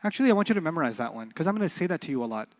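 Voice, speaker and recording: High-voiced joking man teaching in a reverberant hall. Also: big pitch swings, racing. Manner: playful, joking, quizzes the class. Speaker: Arabic teacher. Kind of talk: lively classroom lecture.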